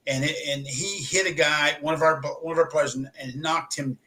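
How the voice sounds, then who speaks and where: Bright-voiced man chatting sports. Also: on the high side, fairly even intonation, moderate pace. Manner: chatty, eager questions, brief affirmations. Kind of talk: casual sports talk.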